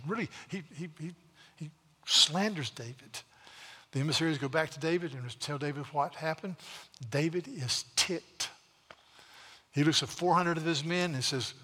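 Forceful storytelling male preacher. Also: a little high, normal speed, long reverb tail. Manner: dramatic retelling of scripture stories, with frequent restarts. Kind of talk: sermon storytelling.

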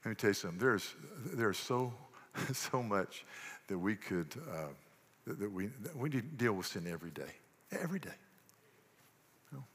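A man's voice: lowish voice, animated, normal speed, a bit bright, husky. A man preaching a sermon as pastor, earnest, asking rhetorical questions and often restarting his sentences. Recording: long church reverb.

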